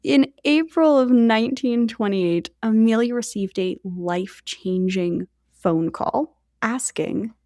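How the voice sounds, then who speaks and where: A woman's voice: fairly high pitch, slow pace, few pauses, mellow, no room sound, clean studio sound. A woman co-hosting a podcast, telling a history story in a chatty way with jokey asides to her co-host.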